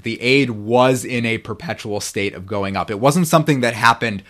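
With a medium-pitched, fairly bright voice at normal speed and few pauses, this male podcast guest, a Bible scholar, teaches about biblical Hebrew. He's precise with pronunciation and keeps asking "right?" to check in.

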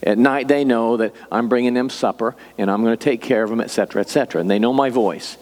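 An older man preaching a sermon as a pastor, telling stories in a relaxed, conversational way. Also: medium pitch, fast, long reverb tail.

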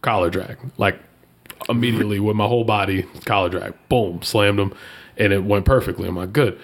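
A man in a casual chat, telling a story and voicing the people in it, leaping up in pitch when he quotes them. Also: a little fast. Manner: animated, jumps high when quoting people.

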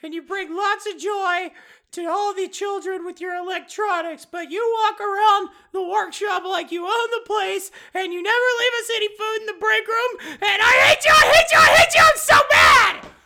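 A woman voicing a tiny, foul-mouthed Christmas elf who shouts, swears and threatens in an improvised comedy sketch. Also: very high-pitched, fairly even intonation, normal speed, full character voice. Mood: seething.

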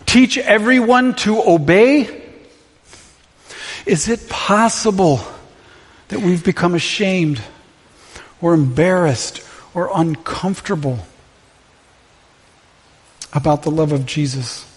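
A man's voice: sits high, slow, pauses often, breathy edge. A man preaching a sermon from a church sanctuary, impassioned and full of rhetorical questions. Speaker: pastor. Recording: long reverb of a large hall.

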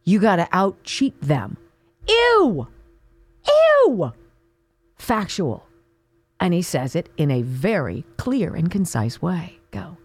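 A woman's voice: on the low side, lively intonation, unhurried, darkish tone, slightly rough, no echo. An American woman hosting a talk radio show, delivering an indignant, sarcastic political monologue with emphatic outbursts.

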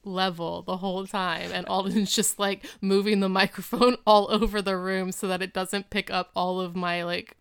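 Woman podcast co-host, very crisp clear voice in a dry close-miked sound, rambling episode recap. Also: medium pitch, normal speed, hardly any pauses, no room sound. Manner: rambling and animated, full of filler words. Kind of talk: casual chat recapping a TV episode.

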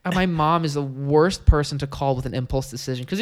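A man's voice: on the high side, fairly quick, hardly any pauses. A man who is a podcast guest, chatting casually and acting out the voices of his family as he tells stories. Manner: animated storyteller who acts out family voices.

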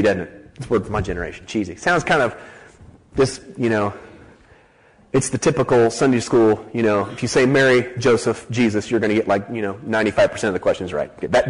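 A male preacher with a fairly high, lively voice that swings up and down as he speaks. He chats casually with his congregation, then builds his points into emphatic, repeated declarations. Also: low-quality recording. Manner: lively, rising to emphatic declarations, laughing asides to the crowd. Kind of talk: sermon.

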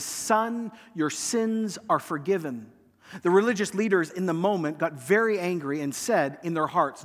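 High-voiced preacher in a reverberant hall. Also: male voice. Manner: animated preaching, acts out quoted lines, trails off quietly at phrase ends. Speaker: pastor. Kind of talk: sermon.

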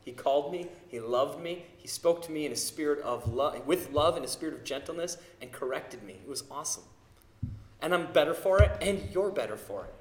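A man in his thirties preaching a sermon, telling family stories with lively acted-out quotes. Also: a little high, fairly quick, roomy sound. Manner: animated storytelling, acting out quotes. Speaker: pastor.

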